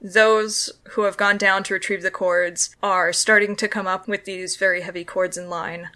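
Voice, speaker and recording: A woman narrating a tabletop role-playing game as game master, describing the scene in a steady, descriptive way. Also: mid-range voice, normal speed.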